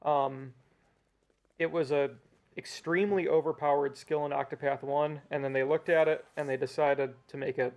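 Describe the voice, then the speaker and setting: A man's voice: a little high, fairly even intonation, moderate pace, vocal fry, a little mellow. A man giving casual speedrun commentary, explaining mechanics with hesitant fillers.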